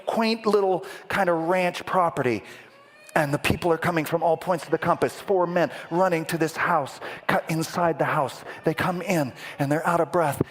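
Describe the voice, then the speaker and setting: A man preaching a sermon as vivid storytelling, dramatic and playful with the congregation, building to loud peaks and dropping to a whisper. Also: fairly high pitch. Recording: echoey hall with long reverb.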